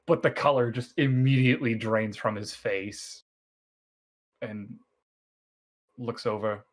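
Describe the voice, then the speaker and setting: A man narrating a tabletop game as dungeon master in a relaxed, conversational way. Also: mid-range voice, takes it slowly, long pauses.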